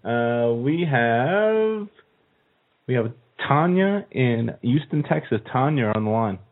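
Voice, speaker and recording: A man's voice: medium pitch, lively intonation, slow. Laughing male host, tinny sound. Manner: enthusiastic, laughs often, crude humor. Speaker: radio show host. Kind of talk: casual radio interview.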